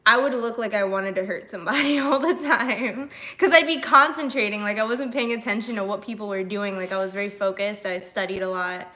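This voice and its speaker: A young woman streamer chatting casually with her viewers, animated and full of fillers, reading and answering chat messages. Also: medium pitch, brisk, hardly any pauses. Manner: chatty and animated, many fillers, laughs often.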